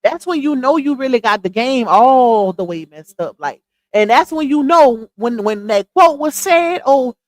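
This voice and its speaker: A middle-aged woman hosts a casual live stream, talking straight to her viewers. Her voice sits fairly high and her delivery is chatty and animated. The sound is dry and close, with no room echo. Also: normal speed. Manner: chatty, animated, addresses viewers as y'all and child. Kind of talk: casual chat commentary.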